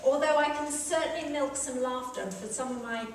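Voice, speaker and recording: A woman's voice: sits high, normal speed. A woman performing a comedy revue monologue, wry and self-mocking. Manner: wry, self-mocking, laughing at her own jokes. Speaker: comic performer. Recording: echoey hall from far off, noisy.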